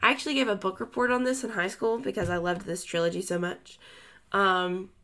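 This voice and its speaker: A woman's voice: mid-range voice, fairly even intonation, a little fast, pushed and bright. A woman co-hosting a book podcast, talking in a casual, chatty way full of fillers and restarts.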